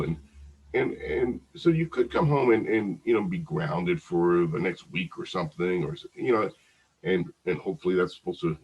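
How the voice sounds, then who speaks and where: A psychology instructor with a deep, husky voice gives a recorded lecture conversationally, frequently restarting and repeating words. The recording sounds muffled.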